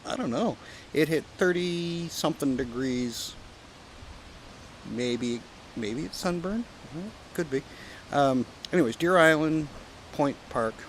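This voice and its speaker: In a slow, higher-pitched voice broken by frequent pauses, a Canadian man rambles and jokes, with some profanity, while chatting at a campsite. This pipe-smoking vlogger's casual outdoor vlog has rough audio, with wind and background noise clearly audible.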